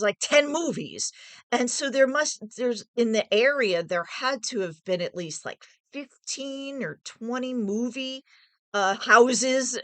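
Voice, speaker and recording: A woman's voice: mid-range voice, a bit bright, dry recording. A woman casually telling a personal story in a rambling, digressive way, thinking aloud as she goes.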